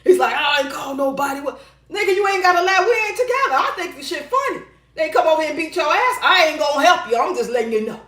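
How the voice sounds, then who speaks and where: A woman's voice: sits high, lively intonation, fast talker, fairly bright tone. A middle-aged woman hosting a casual advice show, reading viewer comments and telling stories bluntly and profanely, often laughing. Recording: roomy echo.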